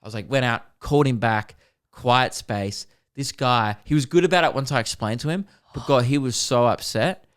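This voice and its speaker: A man's voice: mid-range voice, normal speed, clear, resonant tone, dry recording, clean studio sound. A young man co-hosting a podcast, telling a story in casual chat and acting out what people said. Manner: animated storyteller, acts out quotes. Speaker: podcast co-host.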